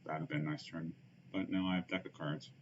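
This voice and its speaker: A man with a bass voice and flat delivery, speaking a little fast, streams a card game while thinking out loud. His casual commentary is full of fillers and muttered asides, captured in dull lo-fi stream audio with faint hiss.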